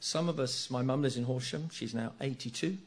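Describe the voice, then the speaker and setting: A man's voice: medium pitch, fairly quick. A middle-aged man preaching a sermon, earnest, repeating key phrases and asking rhetorical tag questions.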